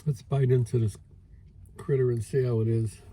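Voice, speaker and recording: Brooklyn-accented man, food vlogger, very warm dark tone, slightly husky, rambling easy delivery. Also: medium pitch. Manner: rambling, relaxed, many filler pauses. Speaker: food reviewer. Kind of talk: casual outdoor food vlog. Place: outdoors by a lake.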